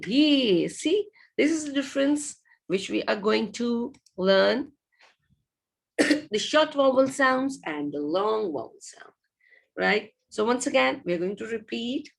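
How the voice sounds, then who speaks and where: A woman's voice: a little high, lively intonation, slow, vocal fry. A woman teaching an online phonics lesson to young children, patient and sing-song, repeating each word several times and checking in with rising questions. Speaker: early years teacher.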